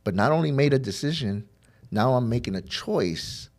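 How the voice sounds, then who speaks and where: A man's voice: mid-range voice, expressive, normal speed, darkish tone. A man sharing his recovery story as a podcast guest, talking candidly with many fillers and restarts, and acting out the dialogue as he tells it. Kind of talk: heartfelt personal storytelling.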